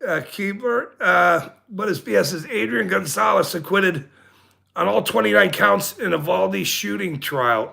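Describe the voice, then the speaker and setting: A man's voice: high voice, measured pace, gravelly, bright, forceful tone. A middle-aged man hosting a casual livestream, ranting indignantly and rambling, laughing often. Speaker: livestream host.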